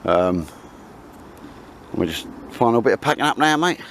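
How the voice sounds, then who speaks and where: Out at a camp in the woods, a British man with a British English accent chats casually to camera for his camping vlog, rambling and dropping cheeky asides. He has a mid-range, expressive, slightly bright voice at a moderate pace, with a little hiss or hum.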